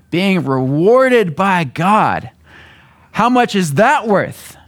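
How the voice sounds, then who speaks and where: A man's voice: high-pitched, big pitch swings, very slow, fairly bright tone. A man preaching in a casual, conversational way. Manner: conversational, acts out little voices in his examples. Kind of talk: sermon.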